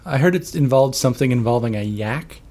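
A man's voice: mid-range voice, expressive, fairly quick, warm tone. A man co-hosting a casual podcast, joking playfully. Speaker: podcast co-host.

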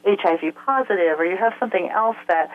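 A woman's voice: medium pitch, quick pace. A woman speaking as a health expert guest in an interview, explaining things step by step with frequent filler sounds. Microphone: telephone. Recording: tinny phone line.

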